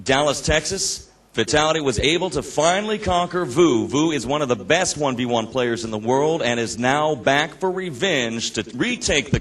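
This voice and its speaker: A man doing live esports play-by-play at an event, excitable and breathless, surging into shouts at big plays. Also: on the high side. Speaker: esports commentator.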